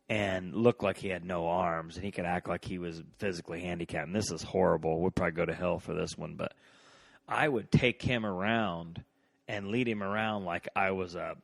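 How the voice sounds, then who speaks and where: Brief: deep-voiced male podcaster, rambling and sheepish, dry close sound. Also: creaky, no echo. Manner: rambling, self-deprecating, many fillers. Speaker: podcast host. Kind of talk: casual solo reminiscing.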